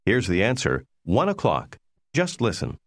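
Low-voiced man narrating a language lesson. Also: wildly swooping pitch, no echo, studio quality. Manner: clear, measured prompting. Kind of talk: scripted instructional narration.

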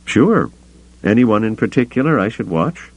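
A man voicing a gruff male smuggler in an audiobook, speaking in a raised, lively voice with some gravel. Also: on the low side, normal speed, voice pushed up. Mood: wary. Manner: terse, grumbling lines.

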